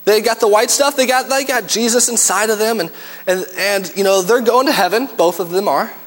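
A man's voice: high voice, brisk, long reverb tail. A man preaching a sermon in a church, telling stories and acting out scenes with animation. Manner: animated storytelling, acts out scenes. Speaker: pastor.

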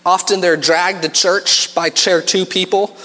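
A pastor preaches a sermon in a church, telling stories and acting out scenes with animation. He speaks at a measured pace in a high voice, and the sound has a long reverb tail.

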